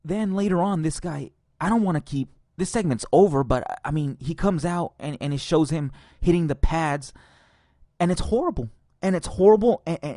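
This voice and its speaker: A man's voice: mid-range voice, darkish tone, dry recording. Angry ranting man, dry sound. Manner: angry, profane ranting with sarcastic laughs. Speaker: podcast host. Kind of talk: ranting podcast commentary.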